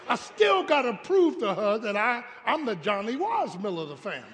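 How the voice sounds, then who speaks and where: A man preaching a humorous, animated storytelling sermon at a live service, calling out to the congregation. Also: sits high, a little fast, long reverb tail, slight background noise. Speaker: pastor. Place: church sanctuary, live service.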